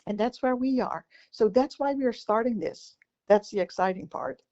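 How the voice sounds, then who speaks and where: A woman's voice: fairly high pitch, moderate pace, dark tone, muffled recording. Teasing Dutch woman in her sixties. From Netherlands. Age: 60s. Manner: teasing, joking, laughs often. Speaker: podcast co-host. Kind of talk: casual chat.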